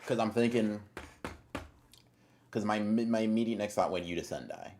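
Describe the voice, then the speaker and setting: Low-voiced laid-back male streamer. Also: moderate pace, darkish tone, slight background noise. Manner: laid-back, slangy, rambling with fillers and restarts; swears casually. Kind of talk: casual live-stream chat, reading and answering chat.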